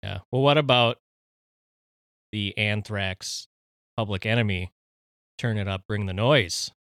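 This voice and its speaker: A man's voice: on the low side, unhurried, fairly bright tone, no room sound, studio quality. A man co-hosting a podcast in casual banter, easygoing and reminiscing, laughing often. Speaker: podcast co-host.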